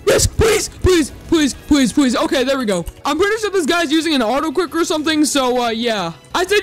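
A man's voice: very high-pitched, animated, moderate pace, fairly bright tone, faint music behind. A man giving hyped gameplay commentary as a gaming YouTuber, teasing and trash-talking the players he faces.

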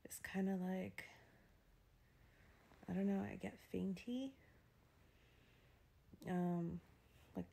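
A woman in her thirties vlogging from a doctor's procedure room, talking softly and often in a whisper, halting with fillers, in pain and a little out of breath. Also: mid-range voice, creaky, husky. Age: 30s. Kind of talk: personal vlog.

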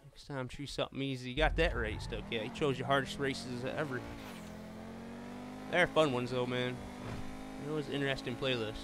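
A man's voice: mid-range voice, fairly even intonation, moderate pace, very noisy. A man streaming a racing game, chatting with viewers and friends and exclaiming often. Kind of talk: live gameplay commentary.

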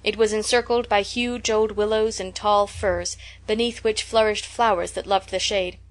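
Woman narrator, mid-pitched, measured and unhurried audiobook read. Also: steady tone. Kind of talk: audiobook reading of a classic novel.

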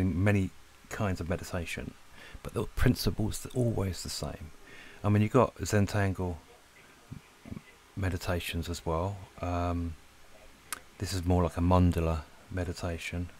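Low-voiced guy chatting away while doodling, laid back, bit out of breath, faint hiss behind. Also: measured pace. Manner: relaxed, rambling, talks to viewers while drawing. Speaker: art channel host. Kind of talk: casual chat while drawing. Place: lives in Spain.

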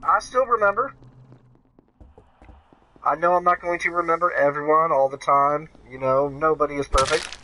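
A man streams a game live from home, greeting viewers by name and jumping between the game and the chat. His voice sits a little high and sounds bright and forward, and a faint hiss runs under the desk microphone. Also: normal speed, pauses often, rough recording. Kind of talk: casual live-stream chat, reading chat aloud.

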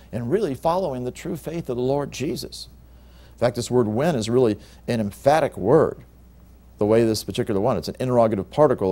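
Mellow-voiced male pastor teaching emphatically. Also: mid-range voice. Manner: emphatic, rising on key words and reading scripture aloud. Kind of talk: Bible teaching sermon.

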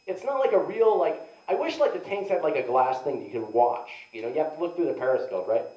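A man's voice: a little high, animated, fast, hardly any pauses, mellow. A young man doing rambling, self-mocking stand-up storytelling, filled with "like" and asides to the audience. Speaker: stand-up comedian. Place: live comedy venue. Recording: echoey room, mic heard from a distance.

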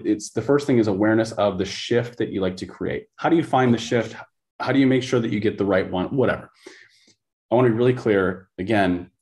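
Man, young adult coach on a podcast, low and emphatic, talks with intensity. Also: darkish tone. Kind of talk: conversational interview storytelling.

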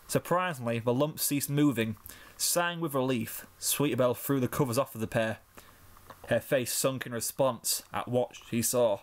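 Male fanfic reader, mid-pitched, steady storytelling delivery. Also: fairly quick. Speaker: narrator. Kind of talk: fanfiction reading.

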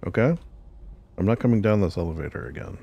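A man's voice: sits low, expressive, fast talker, vocal fry, mellow, dull audio, a little hiss or hum. A man hosting a gaming channel, chatting casually and jokingly as he plays a role-play game. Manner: rambling, jokey, talks to himself.

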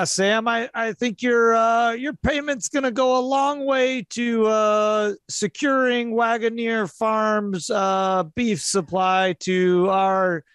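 A man doing a gruff, hearty official. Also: high voice, fairly bright tone, no room sound, clean studio sound, voice pushed up. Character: gruff middle-aged male office official.

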